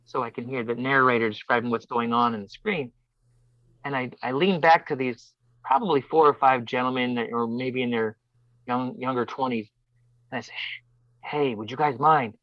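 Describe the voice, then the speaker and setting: A man telling a personal story as a podcast guest, animated and acting out voices. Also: medium pitch, moderate pace, dry recording. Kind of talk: casual storytelling. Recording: dull dry lo-fi sound.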